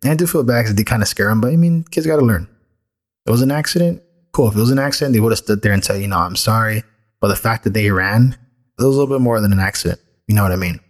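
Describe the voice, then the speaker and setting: A middle-aged man with a fairly low voice speaks candidly and reflectively, like someone recounting a personal story on his own podcast. He talks in a loose, conversational way, full of everyday fillers. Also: quick pace.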